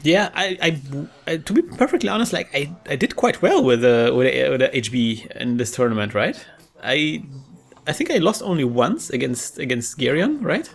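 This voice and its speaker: A man casually commentating his own tournament card game, chatty and quick to laugh, often restarting words. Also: mid-range voice, big pitch swings, vocal fry.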